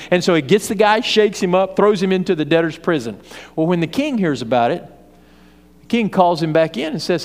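Brief: male preacher, emphatic, high-ish voice, echoing church hall. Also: lively intonation, a little fast. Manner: emphatic, repetitive, storytelling. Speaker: pastor. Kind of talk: sermon. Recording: reverberant hall.

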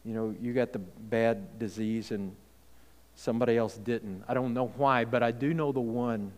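Speaking at normal speed in a steady, darkish, medium-pitched voice, a man delivers a conversational sermon. He restarts phrases often and checks in with "okay?", and a long hall reverb surrounds him.

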